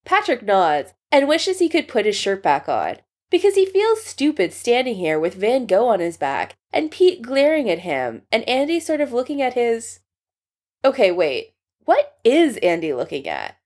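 Animated woman reading a story. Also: fairly high pitch, moderate pace. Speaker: story reader. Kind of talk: fan fiction reading.

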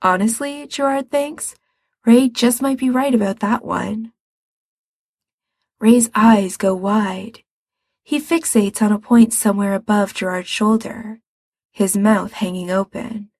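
A woman narrates a story in a soft, breathy voice, taking her time with each line. Her pitch sits in an ordinary middle range. The recording is close and dry. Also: slow, dry recording. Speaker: audiobook reader. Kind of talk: storybook narration of fan fiction.

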